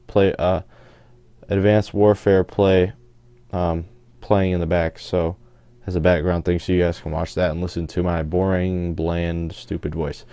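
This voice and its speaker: Teen guy with a real low voice rambling thru a storytime over game footage. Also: mellow, clear, resonant tone, no echo. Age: teens. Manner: rambling, self-correcting storytelling. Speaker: gaming channel host. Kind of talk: storytime commentary over gameplay.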